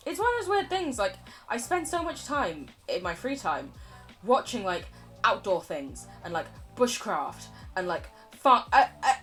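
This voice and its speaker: Woman game streamer, casual rambling chatter, self-deprecating and quick to laugh, very lively intonation, soft music underneath. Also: medium pitch. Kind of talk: casual live-stream chatter while playing.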